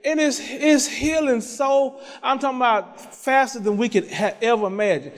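A man preaching in a church with a high voice, swinging from easy storytelling into half-sung praise and punctuating it all with amens. The sound carries a long reverb from the sanctuary. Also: moderate pace. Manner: fervent, half-sung repeated phrases; conversational storytelling with frequent amens. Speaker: pastor. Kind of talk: sermon with personal testimony.

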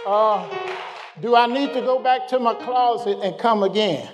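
A man preaching a sermon, questioning his congregation and drawing out scripture slowly before rising in pitch as he builds. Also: big-room sound, music in the background. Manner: call-and-response, questioning the congregation.

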